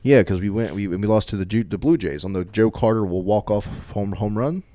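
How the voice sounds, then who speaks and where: A young man with a low voice co-hosting a sports podcast. He is deadpan and skeptical, and he reels off old sports history. The recording is dry and close. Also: a little fast, no echo. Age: young adult. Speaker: podcast co-host. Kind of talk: casual sports chat.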